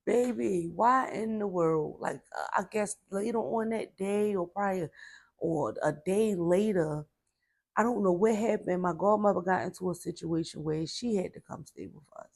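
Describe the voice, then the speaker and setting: Gravelly-voiced woman telling a personal story. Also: mid-range voice, normal speed, a little mellow, no room sound. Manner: chatty, leans on "like" and "baby", vents frustration. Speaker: storyteller sharing a personal testimony.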